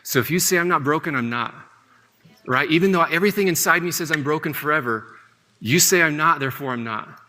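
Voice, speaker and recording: A man's voice: a little high, fairly quick, sharp tone. A man teaching a Bible lesson in a conversational way, often checking in with his listeners. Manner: conversational, often asks "right?". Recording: long hall reverb.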